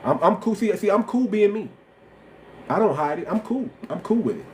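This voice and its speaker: A man's voice: high-pitched, normal speed, background noise. A man with a slight lisp hosting a livestream, talking bluntly and repeating himself in casual slang. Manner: blunt, repetitive, animated slang-heavy talk. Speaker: livestream host.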